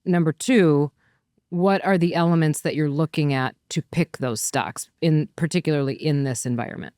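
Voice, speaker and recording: A woman hosts the conversation, setting up her questions in a brisk, orderly way. Her voice sits a little low for a woman. The sound is dry and close, with no room around it. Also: darkish tone, no room sound. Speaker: podcast host. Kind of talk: interview hosting.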